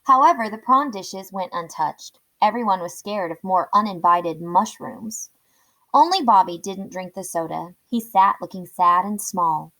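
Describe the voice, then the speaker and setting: A woman reading a children's chapter book aloud in a clear, steady storytelling voice. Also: mid-range voice, unhurried, low-quality recording.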